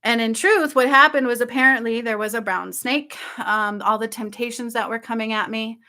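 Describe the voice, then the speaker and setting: Bright, excitable woman retelling a dream. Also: on the high side, moderate pace. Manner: excited, breathless storytelling with frequent "like" and "okay?". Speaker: spiritual channel host. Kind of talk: casual dream retelling to viewers.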